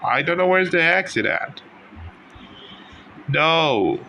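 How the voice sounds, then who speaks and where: A man narrates his game in slow, drawn-out commentary, his bright voice a little higher than most. He yelps and swears at enemies as they come at him. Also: lively intonation, gravelly, a little hiss or hum. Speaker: gaming YouTuber. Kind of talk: let's-play commentary.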